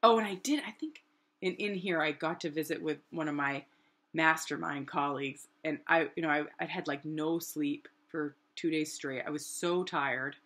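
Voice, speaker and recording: A woman in her thirties from New Hampshire telling a personal story in a rambling, animated way with lots of fillers. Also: low-pitched, moderate pace. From New Hampshire, USA. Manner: animated, rambling, many "like" fillers, acts out quotes. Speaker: artist and vlogger.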